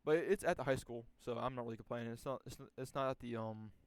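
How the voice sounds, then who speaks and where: Young male storyteller, laid-back and rambling, crude language, mid pitch, dry recording. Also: fast talker, clean tone, no echo. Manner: rambling, profane, many restarts and fillers. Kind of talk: casual storytelling.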